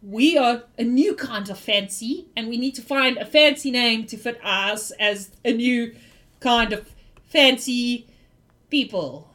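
A woman's voice: fairly high pitch, a little slow, a bit bright. Woman doing a pompous bumbling would-be town leader. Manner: pompous, blustering.

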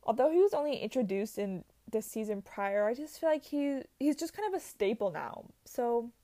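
A young woman talks in a loose, gushing vlog chat, dropping "like" and "um" all through. Her voice sits a little high. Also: lively intonation, moderate pace, mellow. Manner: chatty and gushing, with many "like"s and "um"s. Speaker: vlogger. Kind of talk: casual chat.

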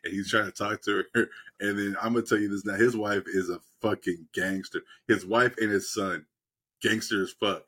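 A man's voice: fairly low pitch, steady tone, moderate pace, a bit bright, breathy edge. A man in casual podcast chat, retelling a TV show in a rambling, profane way and laughing often. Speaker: podcast co-host.

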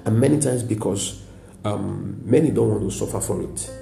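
Nigerian pastor preaching, gravelly dark voice. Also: male voice, fairly low pitch, moderate pace, roomy sound, faint music behind. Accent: Nigerian English. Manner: emphatic preaching with repetition and frequent "praise God". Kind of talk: sermon.

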